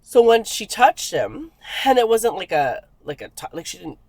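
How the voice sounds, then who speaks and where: Podcast co-host, woman; animated storyteller, close and dry. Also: medium pitch, normal speed, no echo. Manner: animated storytelling, acts out quotes. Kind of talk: casual chat.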